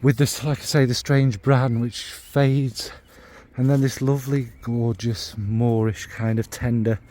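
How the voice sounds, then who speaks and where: A man's voice: medium pitch, fairly even intonation, unhurried, mellow. A man with a Northern English accent giving a casual spoken review, meandering as he searches for descriptive words, blunt and sometimes swearing. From Northern England. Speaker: fragrance reviewer.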